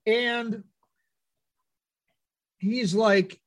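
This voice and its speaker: High-voiced man telling a story on air. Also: normal speed. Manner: animated anecdote teller, acts out quotes. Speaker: radio host.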